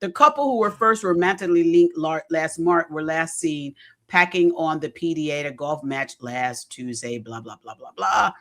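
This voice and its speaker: A woman's voice: low-pitched, normal speed. A woman hosting a casual talk radio show, animatedly reading out news stories and reacting to them. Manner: animated, reads headlines and reacts.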